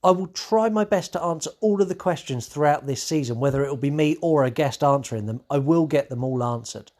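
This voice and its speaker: A man's voice: a little high, brisk, a little mellow. A man hosting a horror podcast, talking casually and rambling with many fillers. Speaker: podcast host.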